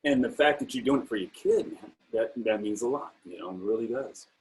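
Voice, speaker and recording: Emotional middle-aged man hosting, low voice. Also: fairly quick, poor audio. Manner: casual, emotional, says bro a lot. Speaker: interview host, program creator. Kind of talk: casual interview.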